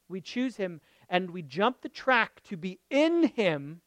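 A man preaching a conversational sermon as a pastor, jumping from loud emphatic lines to quiet murmured asides and checking in with his listeners. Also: high voice, very animated, slow pace, no room sound. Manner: checks in with the audience, asking okay and right.

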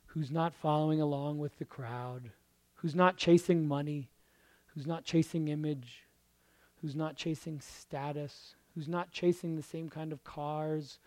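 A hoarse male pastor preaching a sermon, firing off runs of rhetorical questions and swinging from hushed murmurs to loud emphatic bursts. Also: fairly high pitch, steady tone, measured pace, no room sound.

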